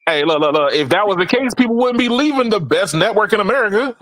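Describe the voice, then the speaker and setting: A man hosting a casual tech podcast, animated, laughing often and repeating words as he talks. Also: high-pitched, quick pace, dry recording, low-quality recording. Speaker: podcast host.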